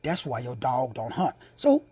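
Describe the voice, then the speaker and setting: A man with a Texan accent preaching an informal sermon, playful and slangy, who drops into hushed whispers for asides. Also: mid-range voice, huge pitch swings, unhurried, slightly rough, no echo. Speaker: preacher and teacher.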